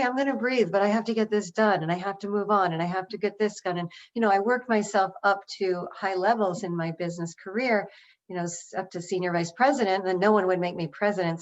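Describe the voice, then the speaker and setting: A woman giving an energetic webinar talk, guiding listeners through a breathing exercise by counting. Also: fairly low pitch. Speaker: speaker. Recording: dull lo-fi webinar audio.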